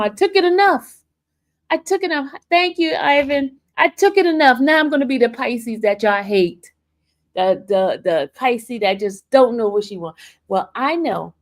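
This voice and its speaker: A woman talking defensively to her livestream viewers, laughing often and addressing them as y'all. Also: on the high side. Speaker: livestream host. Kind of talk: casual livestream chat.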